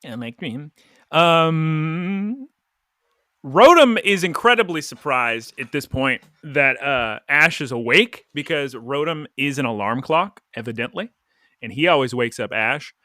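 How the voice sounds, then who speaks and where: A man's voice: on the high side, animated, measured pace, bright, forceful tone, dry recording, studio quality. A man co-hosting a podcast, recapping an anime episode in rambling, jokey casual chat full of "like". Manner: rambling, jokey, lots of "like" fillers. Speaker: podcast co-host.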